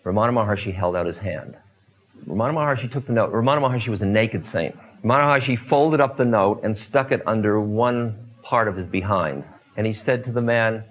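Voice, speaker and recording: An older man in a relaxed storytelling talk, unhurried, trailing off into fillers and asides as a spiritual teacher. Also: lowish voice, phone-quality sound. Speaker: spiritual teacher telling stories.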